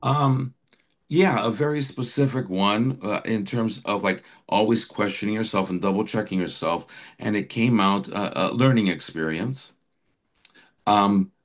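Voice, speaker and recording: A man's voice: on the low side, fairly bright tone. A middle-aged man, an author and life coach, telling a personal story as a podcast guest in an earnest, reflective way and acting out his own inner thoughts. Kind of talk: conversational storytelling.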